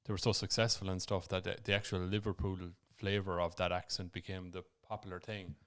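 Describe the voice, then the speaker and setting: A man's voice: sits low, flat delivery, a little fast, clear, resonant tone. A man co-hosting a podcast, explaining his views thoughtfully in a casual chat.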